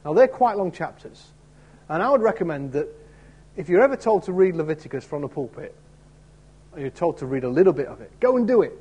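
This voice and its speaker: A man's voice: on the high side, sing-song, brisk, darkish tone, husky. A man preaching an expository sermon in a conversational way, often turning statements into questions for his listeners. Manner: conversational, asks listeners rhetorical tag questions; acts out quoted voices in the story.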